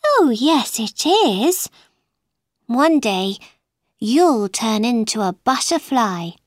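A woman's voice: on the high side, very animated, takes it slowly, no echo, clean studio sound. A woman voicing an earnest young girl in a storybook reading, polite but easily annoyed.

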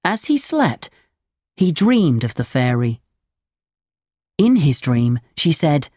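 Slow, low-voiced woman reading a storybook. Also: no room sound, clean studio sound. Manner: slow, clear and expressive. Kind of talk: reading a children's storybook aloud.

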